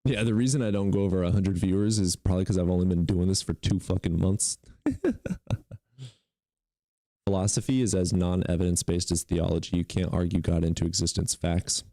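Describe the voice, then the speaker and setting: Young male streamer, low mellow voice, sneering and taunting, dry close sound. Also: fairly even intonation, fairly quick, dry recording. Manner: taunting and mocking, swears, bursts into laughter. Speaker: streamer hosting call-in debates. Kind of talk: livestream debate with chat.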